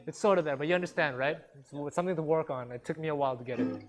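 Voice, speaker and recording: A man teaching a guitar workshop, counting beats and humming rhythms aloud to his students in a relaxed, encouraging way. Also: fairly high pitch, rapid-fire. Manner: relaxed, encouraging, self-deprecating. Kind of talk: instructional workshop talk. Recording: guitar music in the background. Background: guitar playing.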